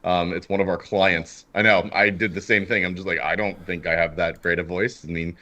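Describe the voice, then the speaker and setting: A man with a very low, deep voice hosts a relaxed car-talk podcast. He is sick, so his tone is husky yet still smooth, like a radio voice. He talks easygoing and loose, chuckling between thoughts. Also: brisk, muffled recording. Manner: laid-back, chuckling, many fillers. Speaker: podcast host. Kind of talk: casual chat.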